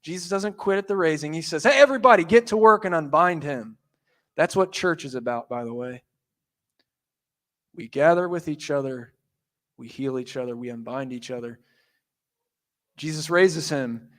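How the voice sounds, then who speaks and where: A man pastor giving a sermon, telling the story with animated voices and asides. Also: a little high, moderate pace, pauses often. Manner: animated storytelling, acting out quotes.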